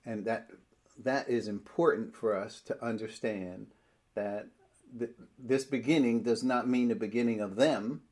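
A man teaching a bible study, explaining verses step by step and slowing down when he reads scripture aloud. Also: lowish voice, a little mellow.

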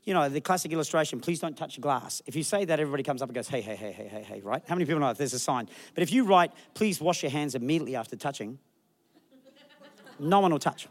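Preaching with lively animation, an Australian man speaks quickly in a somewhat high register. He plays out characters from the crowd in silly voices as part of his sermon.

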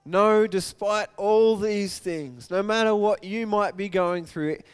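A preacher with a high, smooth voice talks slowly, recounting scripture and dramatizing what is quoted. At times he's loud and fired up; at others he drops to a soft hush.

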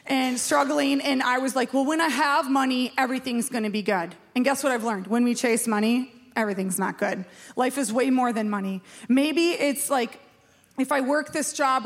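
Chatty self-mocking woman pastor. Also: high voice. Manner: chatty, self-mocking, asks the room questions. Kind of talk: sermon.

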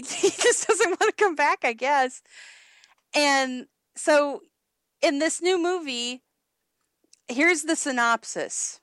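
Woman, fairly high voice, rambling podcast chat, laughs a lot, dry close mic. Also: fairly bright tone, no room sound. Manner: rambling, laughing often, many restarts. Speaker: podcast co-host. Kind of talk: casual chat.

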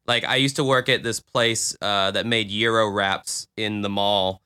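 A man's voice: fairly low pitch, fairly even intonation, unhurried, sharp tone, smooth. A man co-hosting a casual podcast, joking and rambling about the story. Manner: laid-back, rambling, joking. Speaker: podcast co-host. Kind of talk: casual chat.

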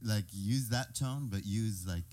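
A man with a low, mellow, warm voice talks earnestly about his music in a relaxed chat. He speaks thoughtfully, with a faint hiss behind him. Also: measured pace. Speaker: reggae singer. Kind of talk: casual chat.

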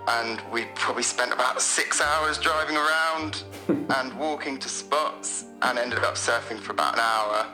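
A man from Bristol, England, calling in to tell a story on a podcast in a relaxed, hedging way. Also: medium pitch, rough recording. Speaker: caller. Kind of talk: telling an anecdote on a podcast call.

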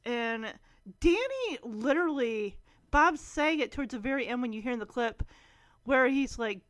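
A woman's voice: fairly high pitch, measured pace, no echo, clean studio sound. A woman giving a casual, giggly recap of a sitcom episode, animatedly acting out the lines. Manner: giggly, animated retelling with voices. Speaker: vlogger.

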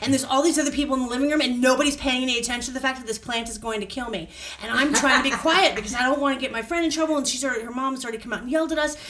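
This podcast guest races through her story with few pauses, her voice sitting high. She's casual and animated, loudly acting out each quote, and the distant mic catches a roomy echo.

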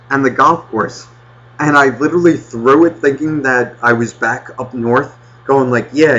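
Husky man on a profane rant. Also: medium pitch, a bit bright, muffled recording. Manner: profane, ranting storyteller. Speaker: podcast host. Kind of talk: casual chat.

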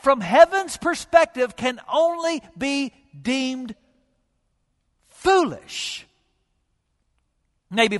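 Male pastor, sermon, emphatic, rhetorical questions, high voice, echoing sanctuary. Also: a bit bright. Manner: emphatic preacher, rhetorical questions, dramatic pauses, drops to near a whisper. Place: church sanctuary.

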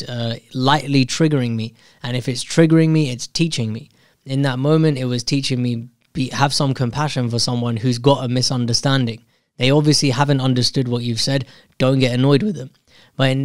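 A man's voice: medium pitch, no echo. Candid man telling a story, dry sound. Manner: candid and self-reflective, with frequent restarts. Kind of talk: casual personal storytelling monologue.

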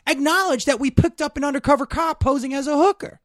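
A middle-aged man telling a story in casual chat, animated and profane, getting loud when worked up. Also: very high voice, fast talker, hardly any pauses, no echo, clean studio sound.

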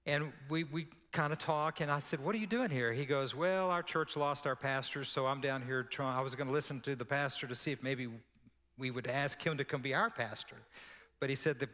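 Storytelling pastor in a reverberant hall. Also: male voice, mid-range voice, a bit bright. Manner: conversational, laughing asides, acts out quoted voices. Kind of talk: sermon storytelling. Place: church sanctuary. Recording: long church hall reverb.

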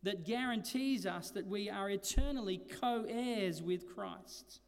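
A man preaching a sermon as pastor, slowing down to stress key words and moving between loud emphatic lines and quiet ones. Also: high voice, in a large hall. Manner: preaching with slow emphatic stresses and dynamic swings.

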